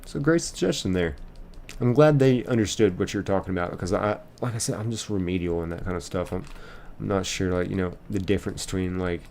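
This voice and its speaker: Man, live streamer, low voice, loose rambling chat, faint background noise. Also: brisk, darkish tone. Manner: rambling, reads and answers chat. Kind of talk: casual chat while gaming.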